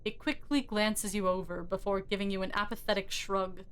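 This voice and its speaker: A woman's voice: mid-range voice, fairly even intonation, normal speed, smooth. Woman streamer narrating her game; casual, sweary, self-mocking. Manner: casual, swears, laughs at herself. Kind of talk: reading game text aloud while playing.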